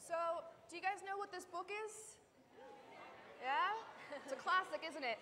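A woman with a high, bright voice chats with children in a live audience as she runs a demonstration. Her voice echoes through a hall with a long reverb, over a faint hiss. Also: expressive, unhurried, a faint crowd. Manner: chatty, addressing kids in the audience. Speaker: science show presenter. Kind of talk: live science demonstration talk.

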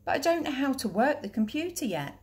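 A woman's voice: high voice, big pitch swings, brisk, darkish tone, voice pushed up. Fretful lorry driver Fred, read by a woman. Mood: anxious. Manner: anxious, pleading, raised voice. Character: flustered, well-meaning male lorry driver.

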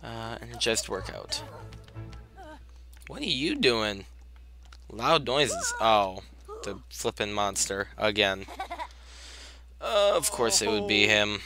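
With music in the background, a young gameplay commentator talks slowly in a lowish voice, very animated and pausing often. His let's-play commentary is casual and chatty; he talks to his sims and has occasional exasperated outbursts.

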